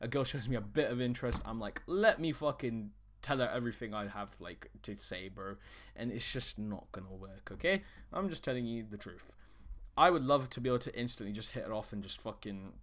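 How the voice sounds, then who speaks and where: A man's voice: on the low side, fast talker, a bit bright. A man coaching on dating in a casual, direct-to-camera talk. He is blunt and swears freely, often restarting his sentences mid-thought.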